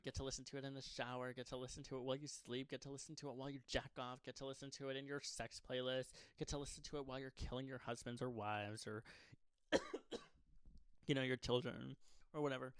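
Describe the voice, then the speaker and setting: A young man talks straight to his fans in a loose, unscripted ramble, tossing in swear words and sarcastic jokes. His voice sits at an ordinary middle pitch. It is recorded close to the mic, with a very dry sound and no room echo. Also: smooth. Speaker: pop singer-songwriter promoting an album. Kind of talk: casual unscripted monologue to fans.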